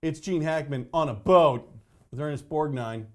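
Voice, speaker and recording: A man's voice: fairly high pitch, moderate pace. A man hosting a local movie review show, chatting casually with many fillers and jokes. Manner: rambling, filler-heavy, joking. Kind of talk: casual chat.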